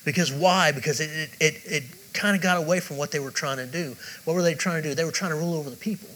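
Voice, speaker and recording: A man's voice: on the high side, quick pace, a bit bright, rough recording. A male pastor preaching a sermon with emphatic, repetitive phrasing and direct questions to the congregation.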